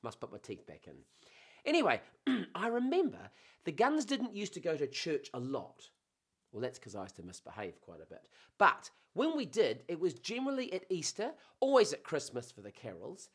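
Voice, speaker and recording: A man hosting a casual, playful monologue, rambling warmly between jokes and memories. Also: a little high, wildly swooping pitch, moderate pace, slightly rough. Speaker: host.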